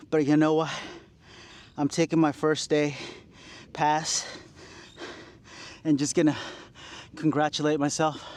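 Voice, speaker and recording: Forties male vlogger, winded from exercise, self-mocking pep talk, voice on the higher side. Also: low-quality recording. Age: 40s. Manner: self-deprecating, encouraging himself, sighs and laughs between sets. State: out of breath. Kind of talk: workout vlog talking to camera. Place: outdoors at a beach.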